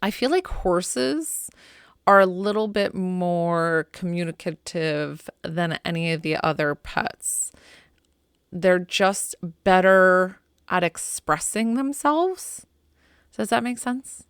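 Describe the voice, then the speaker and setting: A middle-aged woman hosting a podcast as a pet psychic, telling stories in a chatty, animated, heartfelt way full of "like"s. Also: fairly low pitch, slow pace, smooth, no echo, studio quality. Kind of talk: casual heartfelt storytelling.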